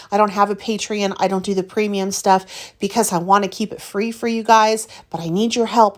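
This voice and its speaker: Woman, casual craft vlogger, talks straight to viewers, openly frustrated. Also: medium pitch. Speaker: craft video host. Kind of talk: casual chat narrating her art process.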